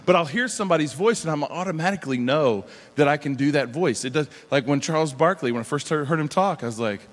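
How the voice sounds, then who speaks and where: A middle-aged man preaching a conversational sermon, animated and chatty, often laughing between sentences. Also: a little high, fast. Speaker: pastor. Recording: long hall reverb.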